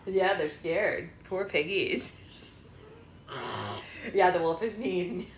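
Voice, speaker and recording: A woman's voice: on the low side, slow pace, slight background noise. A woman hosting a live book-club read-aloud at home, reading and chatting playfully with her toddler. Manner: playful, coaxing baby-talk. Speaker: book club host and mother. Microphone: phone livestream. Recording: roomy room echo.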